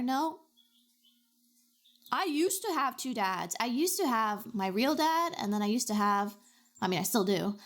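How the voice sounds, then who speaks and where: A woman streamer chatting casually with her chat while drawing, with dramatic, expressive reactions. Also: fairly high pitch.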